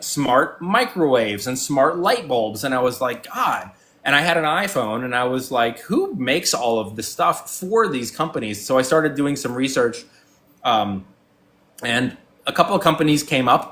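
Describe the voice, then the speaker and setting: A man's voice: mid-range voice, fairly bright tone, slight background noise. A man in his forties talking casually as a guest, telling stories with lots of fillers and restarts and acting out both sides of old conversations. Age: 40s. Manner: rambling storyteller, many fillers and restarts. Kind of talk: casual chat.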